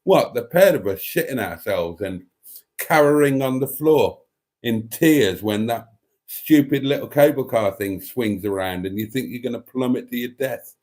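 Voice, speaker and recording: A middle-aged man hosting a casual live stream, reading out viewer comments and chatting in an animated, dramatic way that includes some swearing. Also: moderate pace. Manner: animated, dramatic, swears freely, lively pitch swings.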